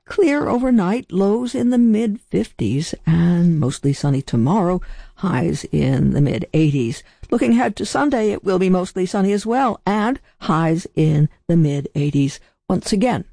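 A woman radio host with a gravelly voice, giving the weather and chatting about music with a conversational manner. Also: on the low side, animated, measured pace, warm tone, no echo. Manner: conversational, with restarts. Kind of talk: casual radio hosting.

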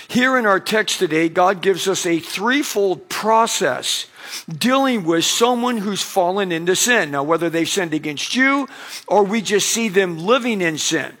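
A pastor delivers a sermon in a relaxed, conversational way, often slipping into quick acted-out exchanges. His voice sits fairly high for a man. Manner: conversational preaching with acted-out anecdotes.

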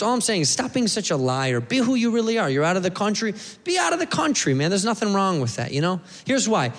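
High-voiced, animated comic. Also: male voice. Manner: loud, profane, animated, talks to the crowd. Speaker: stand-up comedian. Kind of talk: stand-up comedy set. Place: comedy club stage. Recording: echoey club with laughing crowd.

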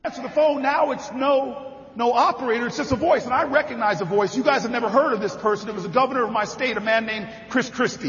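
A man giving a rousing political convention speech, telling a story and building to shouted rallying calls. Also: very high voice, fast talker, noisy background. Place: large convention hall with a crowd. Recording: echoey hall, dull sound, crowd behind.

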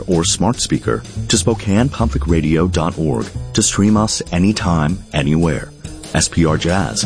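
A man reading a radio station promo as its announcer, in a smooth, friendly way. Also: low voice.

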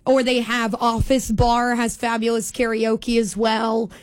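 Young woman, radio co-host, high-pitched voice, dry close-mic sound, bubbly casual chat. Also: monotone, measured pace, dry recording. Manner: bubbly, laughs easily, belts out quoted chants.

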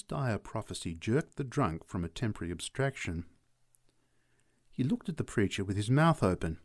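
A man reading a literary story aloud in measured, expressive narration. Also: lowish voice.

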